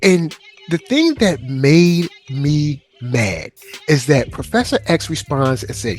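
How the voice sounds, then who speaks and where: Animated man on a fan chat show. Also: on the high side, takes it slowly, soft background music. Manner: animated, acts out characters in skits. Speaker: podcast host. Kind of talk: casual fan chat about a cartoon.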